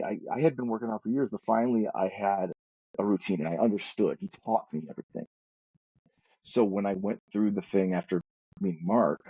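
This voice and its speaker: A man's voice: deep voice, dark tone, husky, no room sound, lo-fi sound. A man telling his story as a guest in a recovery talk, earnest and rambling, often restarting his sentences. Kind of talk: candid personal storytelling.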